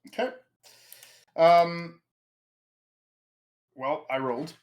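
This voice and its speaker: A man's voice: fairly high pitch, steady tone, extremely slow, dull audio. A man running a tabletop game as game master, easygoing and laughing often.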